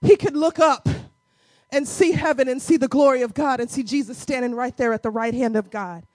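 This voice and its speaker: A woman preaching a sermon, moving from quiet teaching to shouted, crying exhortation and calling out to the congregation casually. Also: sits high, fairly quick, no room sound. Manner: colloquial, addresses congregation as y'all.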